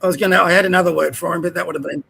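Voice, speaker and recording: A man's voice: high voice, fairly even intonation, racing, vocal fry, sharp tone, breathy edge. An Australian man hosting his own show, ranting in a heated, rambling way and trailing off mid-sentence. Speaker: show host. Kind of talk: ranting commentary.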